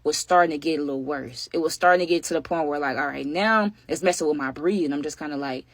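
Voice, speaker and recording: Storytime vlogger just chatting to y'all, mid pitch, lotta "like"s, dry sound no room. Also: fast talker, no room sound. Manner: chatty, fills with "like" and "you know what I'm saying"; talks straight to viewers as "y'all". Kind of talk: casual storytime narration.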